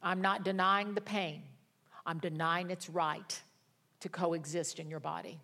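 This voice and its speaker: A woman's voice: fairly low pitch, steady tone, a little slow, sharp tone. A woman preaching a sermon, speaking in emphatic, declarative phrases and mixing in humorous stories.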